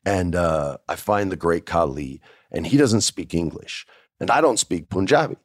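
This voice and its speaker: Man, low voice, storytelling, does voices, casual chat, dry recording. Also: moderate pace, dry recording. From New Mexico. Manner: animated, acts out voices of others. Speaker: storyteller guest. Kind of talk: casual anecdote telling.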